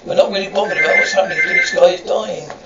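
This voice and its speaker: A man talking as a reality game show contestant, telling the story in an excitable, rambling confessional. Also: sits high, racing, over loud music. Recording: roomy, distant, dull, faint hiss.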